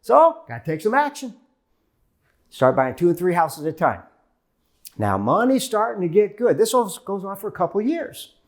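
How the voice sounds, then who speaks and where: A man's voice: high voice, sing-song, normal speed. A middle-aged man giving a motivational keynote to a live audience, telling a story and acting out the conversations in it. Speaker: keynote speaker. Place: stage before a live audience.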